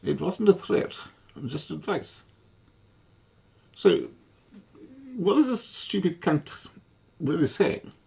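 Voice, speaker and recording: A man's voice: a little high, expressive, slow pace, gravelly, pauses often, dark tone, husky. A man delivering an angry, swearing monologue as an online commentator, furious and repetitive.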